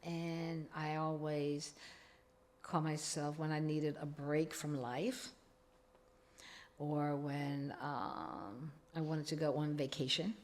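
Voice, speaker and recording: A woman's voice: low-pitched, little pitch movement, takes it slowly. A middle-aged woman, telling her own recovery story as a podcast guest, acting out the dialogue she quotes.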